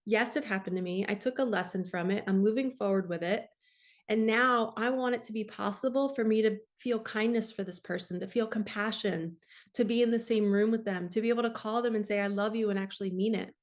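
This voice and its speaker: A woman's voice: mid-range voice, steady tone, fairly quick. A woman in her forties, a spiritual coach, talking earnestly and emotionally about her own experience to camera. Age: 40s. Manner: earnest and emotional, tearful in places. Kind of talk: personal testimony to camera.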